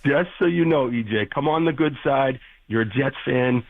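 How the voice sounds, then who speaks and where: A man's voice: mid-range voice, normal speed, gravelly, narrow, tinny audio, a loud crowd. A man with a Boston accent calling in to a radio show as a correspondent, playful and teasing, laughing often. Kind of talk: casual radio chat. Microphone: phone line.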